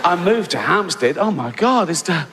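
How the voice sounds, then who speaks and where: English stand-up, older man, sardonic chatty delivery, slightly high-pitched, long hall reverb with clear crowd noise behind. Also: sing-song, normal speed. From England. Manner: sardonic, conversational, tags lines with "right?". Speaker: stand-up comedian. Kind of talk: stand-up comedy routine. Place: large theatre stage before a live audience.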